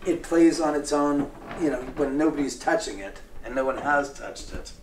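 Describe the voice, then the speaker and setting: A man showing guests around his house indoors and telling lively stories, acting out the voices of others. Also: on the high side, normal speed, noisy background. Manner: lively, acts out quoted voices. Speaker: homeowner giving a house tour. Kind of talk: animated storytelling.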